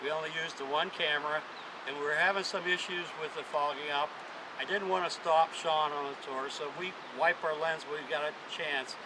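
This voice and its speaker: A man narrates his tour for the camera in a relaxed, chatty way, stopping for the odd filler. His voice sits a bit high, and loud outdoor noise with passing traffic runs under it all. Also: brisk. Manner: easygoing, chatty storytelling with fillers. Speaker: travel vlogger. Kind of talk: casual vlog narration and tour commentary.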